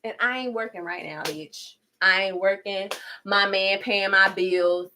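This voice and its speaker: A woman's voice: mid-range voice, fairly even intonation, measured pace, bright, forceful tone, slight background noise. A woman vlogger ranting candidly while she cooks in her home kitchen, blunt and heavy on profanity. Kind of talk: candid rant while cooking.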